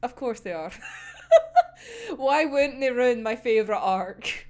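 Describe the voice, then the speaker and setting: A woman's voice: fairly high pitch, sing-song, slow, darkish tone. A young woman gushing over an anime episode. She rambles, swears freely and keeps breaking into laughter. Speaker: anime reviewer. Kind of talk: excited episode discussion.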